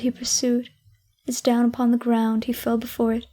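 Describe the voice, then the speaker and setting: A woman narrating an audiobook of a classic story, expressive and lingering over descriptive phrases. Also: on the high side, normal speed.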